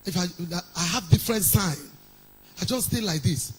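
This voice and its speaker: A woman's voice: lowish voice, normal speed, husky, poor audio. A woman pastor with a Nigerian accent preaching a sermon in a sing-song cadence, reading scripture aloud between stories.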